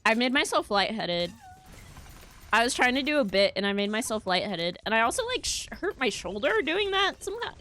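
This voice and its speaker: A woman's voice: a little high, very animated, brisk, sharp tone. A young woman streaming a game, chattering playfully to her chat and teammates with silly bits. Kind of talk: casual gaming livestream chatter.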